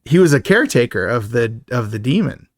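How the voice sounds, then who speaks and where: A man's voice: medium pitch, very animated, brisk, dry recording, studio quality. A man co-hosting a podcast, casually recapping a horror film's plot with jokes and fillers. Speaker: podcast co-host. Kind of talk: casual movie recap chat.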